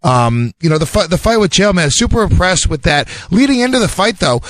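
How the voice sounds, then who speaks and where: A man's voice: sits high, very animated, fairly quick, fairly bright tone, dry recording. A male co-host asking questions in a loose, casual way with plenty of filler words. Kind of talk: radio interview.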